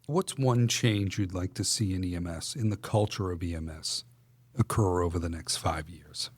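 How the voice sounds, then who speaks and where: A very low-pitched man hosting a casual podcast. His voice is husky and breathy, and it sounds dry and close. He asks his guests open questions in a relaxed way. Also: moderate pace, dry recording. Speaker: podcast host.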